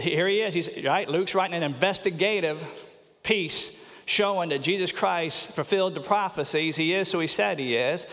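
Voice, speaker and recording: A man preaching in a church sanctuary. His voice sits a little high for a man, and long reverb trails after each phrase. His delivery is earnest, and he slows down to stress key points. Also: a bit bright. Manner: earnest preaching, slows for emphasis, repeats words. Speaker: pastor. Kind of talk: sermon.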